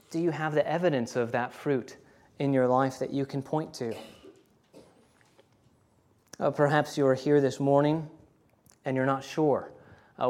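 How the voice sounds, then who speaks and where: A man preaching a sermon earnestly, often pausing with "uh" between points. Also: fairly high pitch. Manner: earnest preaching with many uh fillers. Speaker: pastor.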